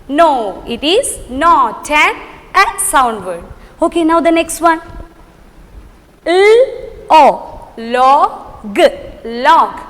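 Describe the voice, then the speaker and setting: A high-voiced woman teaches small children phonics, sounding out each letter with slow, careful patience. She asks questions and answers them herself, and her voice carries a long hall reverb. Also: bright, forceful tone. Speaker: kindergarten teacher. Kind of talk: online phonics lesson for young children.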